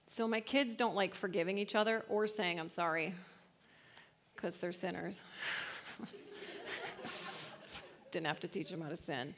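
A woman in her thirties giving a casual, slangy church talk, laughing often and swinging from hushed to loud. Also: medium pitch, creaky. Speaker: speaker at a church gathering.

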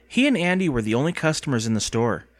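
A man narrating a children's story in an expressive, storytelling way. His voice rises and falls a great deal. The recording is close and dry, with no room sound. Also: medium pitch, fast, dry recording. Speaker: audiobook narrator. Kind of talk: scripted narration.

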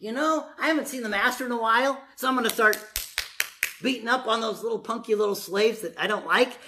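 A man's voice: very high voice, a little fast, bright, forceful tone, a little hiss or hum. A male pastor voicing a petty, cruel servant who plots against the other slaves, in a smug tone. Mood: scheming.

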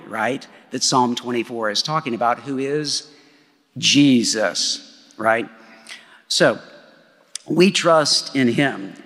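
A man's voice: medium pitch, creaky, fairly bright tone. A male pastor preaching a sermon in a conversational way, often checking in with "right?". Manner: conversational, with frequent "right?" tags. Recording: long hall reverb.

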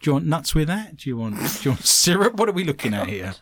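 A man hosting a comedic chat show, joking in an animated way and slipping into silly voices. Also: on the high side, fast talker. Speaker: show host.

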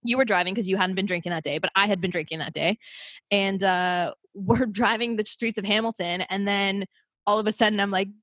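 A young woman hosting a casual podcast, rambling through stories with plenty of fillers and self-corrections. She speaks at a mid pitch for a woman. The sound is dry and close, with no room around it. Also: fairly even intonation, a little fast, a bit bright, dry recording. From Canada. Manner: rambling storyteller, lots of fillers and restarts. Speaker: podcast host. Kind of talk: casual chat.

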